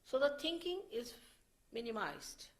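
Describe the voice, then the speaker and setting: With a high voice that swings widely in pitch, a spiritual teacher lectures without a script, repeating phrases in a slow, deliberate manner. The audio is poor.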